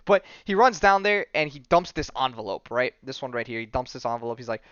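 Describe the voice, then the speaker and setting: A podcast host, retelling a comic story in casual chat and acting out the characters' lines. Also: male voice, mid-range voice, expressive, fairly quick, fairly bright tone, clean tone, dry recording, highs cut off. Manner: rambling storyteller, acts out quotes in a loose offhand way.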